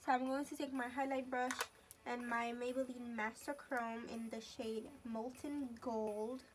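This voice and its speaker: High, flat-toned teenage girl vlogging. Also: measured pace. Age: teens. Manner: chatty, narrates each step as she goes. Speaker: beauty vlogger. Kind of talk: casual makeup tutorial talk-through.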